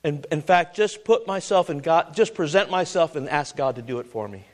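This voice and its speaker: In a fairly high-pitched, expressive voice, a male preacher reads scripture at a slow pace, asks rhetorical questions, and works up to loud, emphatic exhortation.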